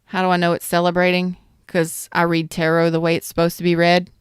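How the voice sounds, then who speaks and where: A woman's voice: fairly low pitch, completely flat delivery, fairly quick, clear, resonant tone, no room sound, clean studio sound. A woman giving a casual tarot reading, chatty and blunt, talking straight to her viewers and swearing now and then. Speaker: tarot reader.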